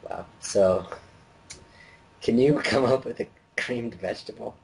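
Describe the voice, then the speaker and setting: A laid-back young man co-hosting a casual game chat, wry and relaxed. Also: mid-range voice, unhurried, vocal fry, slightly rough, poor audio. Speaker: co-host.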